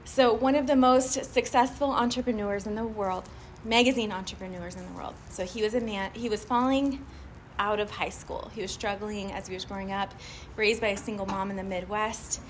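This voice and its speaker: A woman giving a live motivational talk to a group, animated and chatty, often laughing and asking the audience questions. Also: medium pitch, normal speed, a little hiss or hum. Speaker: motivational speaker addressing a group.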